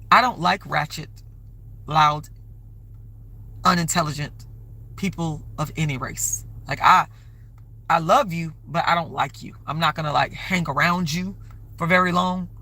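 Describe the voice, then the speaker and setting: On her livestream, a woman talks casually and wanders from topic to topic, stopping often to push for donations. She has a low voice with a sharp tone.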